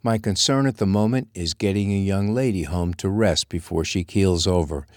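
A man voicing a gruff, blunt frontier man who talks in a plain-spoken drawl. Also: deep voice, moderate pace, dry recording, studio quality, close to an everyday voice.

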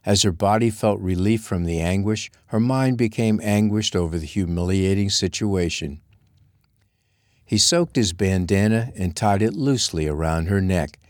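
A man reading a romance novel aloud as narrator, in a steady, measured way. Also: fairly low pitch, no echo, clean studio sound. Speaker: audiobook narrator. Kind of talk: scripted narration.

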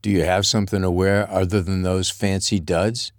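A man voicing a gruff, blunt frontier man who talks in a plain-spoken drawl. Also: deep voice, level tone, normal speed, no echo, studio quality, lightly acted.

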